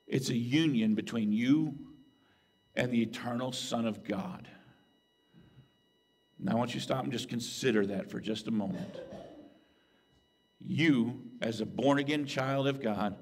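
A man preaches from the pulpit in an earnest, conversational manner, checking in with his listeners as he goes. His delivery moves between hushed, reflective stretches and raised, emphatic peaks. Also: mid-range voice, breathy edge. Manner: earnest, conversational preaching with "right?" and "okay?" asides. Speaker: pastor. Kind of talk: sermon.

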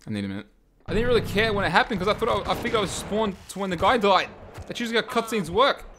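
A young man giving loud, exaggerated let's play commentary, swearing and laughing as he plays. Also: high voice, sing-song, rapid-fire, background noise. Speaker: gamer playing a game.

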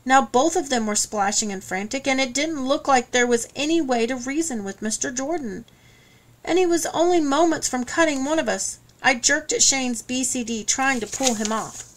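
Woman narrating an audiobook, higher voice. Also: moderate pace. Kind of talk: scripted first-person narration.

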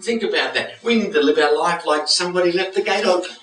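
A man's voice: sits high, fast. An older man preaching a joke-filled sermon, often asking the congregation for an amen. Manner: lively storytelling with jokes and call-and-response. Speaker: guest preacher. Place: church hall with congregation. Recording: echoey church hall from far off with crowd.

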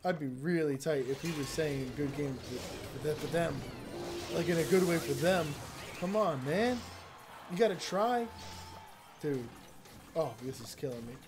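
A man giving chatty, excitable, slangy commentary while playing a mobile game, with sarcastic asides. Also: a little high, measured pace, pauses often. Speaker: gaming YouTuber. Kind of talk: casual gameplay commentary. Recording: game music behind the voice.

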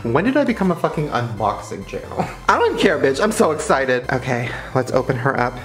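A young man filming a casual unboxing vlog. He is excitable and swears a lot, and often breaks into laughs and gasps. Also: medium pitch, brisk. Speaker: vlogger. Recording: roomy echo.

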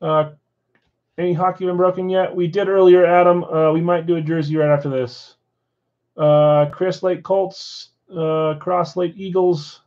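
Card shop breaker, male, a bit high-pitched, rattling off assignments; dull stream audio. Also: measured pace. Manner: rattles off names and teams in a steady list.

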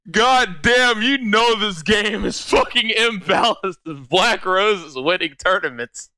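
A young man streaming a game live, loud and exasperated, swearing at his chat and laughing often. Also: high voice, lively intonation, slow pace, no room sound. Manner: frequent laughter.

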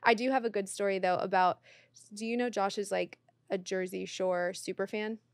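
A woman's voice: medium pitch, moderate pace, no echo, studio quality. A woman, a podcast guest, telling stories in casual chat and acting out what people said. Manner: animated, acts out quoted voices.

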